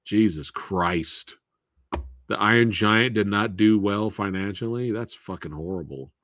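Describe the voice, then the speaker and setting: A man's voice: lowish voice, measured pace, a bit bright, dry recording, studio quality. A man hosting a live movie Q&A stream, chatting casually, laughing often and swearing freely.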